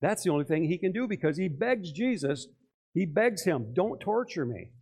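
Man, pastor, sermon, conversational, asks many questions, fairly high voice. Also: animated, moderate pace, a little mellow. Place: church.

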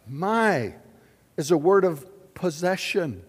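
Animated preacher in an echoing auditorium. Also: male voice, fairly high pitch, a little slow. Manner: animated, questioning the audience, big swings in loudness. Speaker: pastor. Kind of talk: sermon.

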